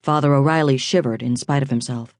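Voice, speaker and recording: A woman narrating a crime thriller audiobook in a measured, suspenseful reading. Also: a bass voice, darkish tone, no room sound, studio quality.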